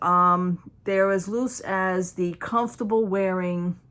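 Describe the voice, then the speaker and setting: Woman haul vlogger, low voice, chatty and rambling, everyday conversational delivery. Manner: chatty, rambling, with frequent restarts and fillers. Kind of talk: casual show-and-tell chat.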